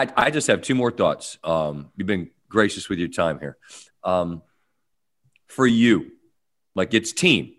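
A man co-hosting a podcast who asks his guest slow, thoughtful questions in a casual interview. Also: fairly low pitch, a bit bright. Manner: thoughtful, builds questions slowly. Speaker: podcast co-host.

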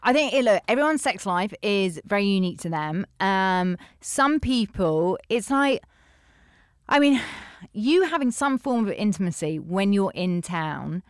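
A woman's voice: mid-range voice, expressive, measured pace, smooth, dry recording, studio quality. A woman, a sex therapist, talking candidly and animatedly in a casual podcast conversation, often restarting her sentences.

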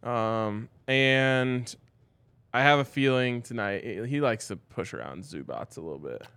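A man co-hosting a casual sports betting chat in a relaxed, joking way as he runs through his picks. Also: mid-range voice, a little slow, smooth, no echo. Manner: laid-back, joking, gives his picks. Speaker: sports betting podcast co-host.

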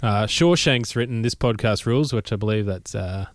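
Laughing Australian podcast co-host. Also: male voice, lowish voice, moderate pace, no room sound. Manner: rambling storyteller, laughs often. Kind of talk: casual chat.

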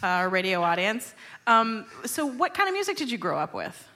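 A woman hosting a live radio interview in a relaxed, playful way. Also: on the high side, moderate pace. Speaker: radio show host.

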